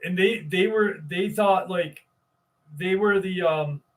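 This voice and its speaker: Slow-talking high-voiced male streamer. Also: recorded from a distance. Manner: rambling, swears freely, greets chat viewers. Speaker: livestream host. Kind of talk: casual live chat.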